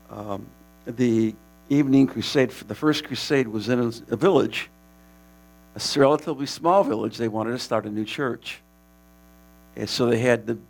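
A man casually telling the story of a preaching mission, animated and laughing, with many restarts. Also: medium pitch, creaky.

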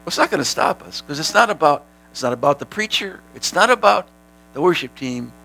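A man preaching a sermon as pastor, animated, sometimes shouting, and laughing with his congregation. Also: on the high side, fairly quick, low-quality recording.

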